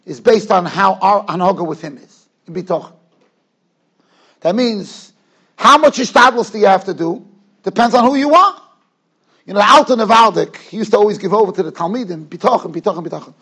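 Rabbi with an unusually high voice, teaching in a study hall; animated, story-driven delivery. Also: male voice, slightly rough. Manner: animated storyteller, quick asides. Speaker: rabbi giving a lecture. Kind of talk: Torah lecture to students.

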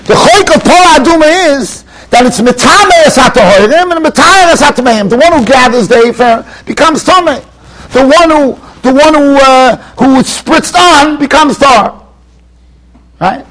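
High-voiced emphatic rabbi lecturing. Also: male voice, lively intonation, normal speed, fairly bright tone, low-quality recording. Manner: emphatic storytelling, mixing Yiddish and Hebrew terms. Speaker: rabbi giving a Torah class. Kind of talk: yeshiva Torah lecture. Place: study hall in a yeshiva.

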